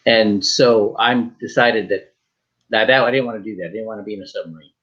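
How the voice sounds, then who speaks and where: Joking storyteller man, lo-fi sound. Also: fairly low pitch. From Michigan. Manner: joking, animated, with quick quoted dialogue and restarts. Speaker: guest. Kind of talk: storytelling in a talk show interview.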